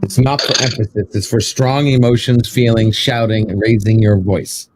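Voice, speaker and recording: A man in a casual debate, arguing his view with quick apologetic asides. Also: on the low side, steady tone, background noise.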